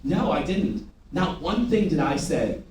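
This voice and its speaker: A high-pitched man runs a sales training, his voice jumping around with animation as he commands the room to repeat after him. He is heard from a distance in a very echoey space, with faint ambience behind him. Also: very animated, unhurried, a little mellow. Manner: commanding, drills the audience with call and response. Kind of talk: live sales training session.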